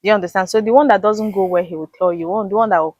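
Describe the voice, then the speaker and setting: A wife explains her habits in a relaxed interview, slipping into short acted-out exchanges. Her pitch is ordinary for a woman. The recording is dry and close. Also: rapid-fire, dry recording, highs cut off. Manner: explains patiently, acts out dialogue. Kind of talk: casual interview chat.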